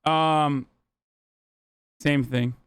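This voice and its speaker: A man's voice: a little high, steady tone, extremely slow, fairly bright tone, smooth. A young man hosting a livestream, reacting to videos in loose, profane, joking chat. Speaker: streamer host. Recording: dry close mic.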